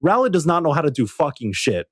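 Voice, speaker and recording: Male podcast co-host, excitable and animated, very expressive pitch, dry recording. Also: fast, husky, dry recording. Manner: animated, excitable storytelling, swears. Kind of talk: casual chat.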